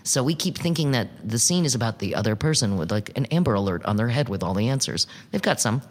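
A man in mid pitch holds forth in a loose interview, cursing and pressing every point with animated emphasis. His voice rings out in a room with a long, trailing reverb. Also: fast talker. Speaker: improv performer and teacher. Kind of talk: casual interview talk.

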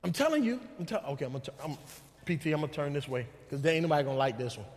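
A man preaching a sermon as guest pastor in a church, shifting between folksy asides and shouted preaching. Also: on the high side, big pitch swings, racing. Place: church sanctuary. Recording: long reverb of a church hall.

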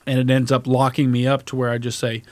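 A man's voice: mid-range voice, completely flat delivery, fast talker, darkish tone, dry recording. A man in a casual podcast chat, rambling and self-deprecating about his own plans and swearing often. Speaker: podcast co-host.

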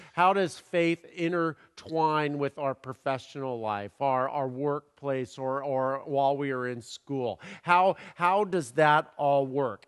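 A man, a pastor, giving a sermon with playful puns and many fillers and repeated words. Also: a little high. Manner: playful, punning delivery. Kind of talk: sermon with jokes. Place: church sanctuary. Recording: long reverb of a large hall.

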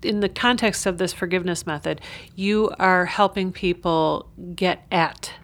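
A woman's voice: on the low side, a little slow. A woman interviewer who responds with frequent short affirmations and summarizes her guest's points. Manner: affirming, frequent brief backchannels. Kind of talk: interview chat.

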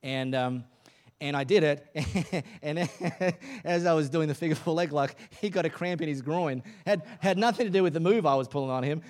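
A man's voice: fairly high pitch, a little mellow. A male pastor preaching a sermon at a church service in a casual, joking, conversational way.

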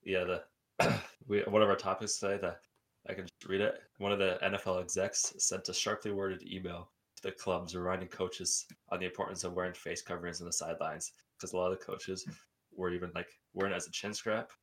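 Low-voiced man hosting a casual podcast. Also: level tone, fairly quick, fairly bright tone. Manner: teasing, laughs often. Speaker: podcast host.

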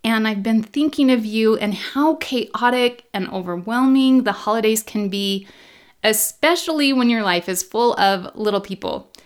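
Woman podcast host, slightly high voice. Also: unhurried. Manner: warm, emotional, choking up with laughter. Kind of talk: solo podcast monologue. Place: basement corner at home.

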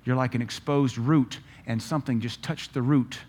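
A man preaching a sermon, firing off rhetorical questions and telling stories with lively energy. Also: medium pitch, moderate pace, breathy edge. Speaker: pastor.

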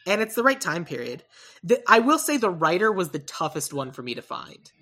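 A woman co-hosting a casual podcast, talking through casting picks in a rambling, self-correcting way with animated asides. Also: lowish voice, a little fast. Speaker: podcast co-host. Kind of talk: casual chat about movie casting.

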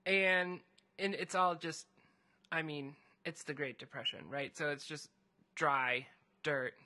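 A man co-hosts a casual podcast, retelling a fantasy tale in a loose, rambling way full of fillers. His voice sounds bright and forward on a close studio mic. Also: fairly high pitch, steady tone, slow pace. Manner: rambling storyteller, many fillers. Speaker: podcast co-host recapping a story. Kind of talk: casual chat.

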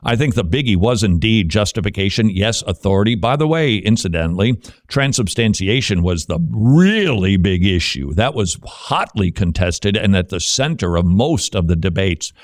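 A man hosting a radio talk show with an animated, swinging delivery that moves from jokes to earnest preaching. His voice is dry and close, with a middle pitch. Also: moderate pace, hardly any pauses, no echo. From Dutch heritage.

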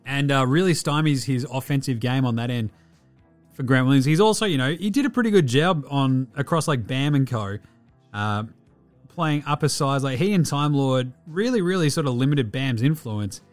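A man's voice: medium pitch, expressive, moderate pace, faint music behind. A man hosting a podcast, giving a casual, profane, rambling basketball recap. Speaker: podcast host.

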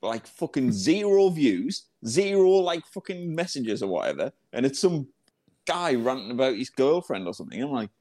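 A man, co-hosting a podcast and telling stories in an animated, incredulous, sweary way. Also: mid-range voice, moderate pace. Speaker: podcast co-host. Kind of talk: casual chat.

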